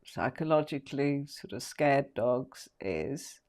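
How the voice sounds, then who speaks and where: A woman's voice: extremely low pitch, expressive, takes it slowly, darkish tone. Woman, tarot teacher, live-stream tutorial, chatty, rambling, lots of ums. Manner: rambling, chatty, many fillers.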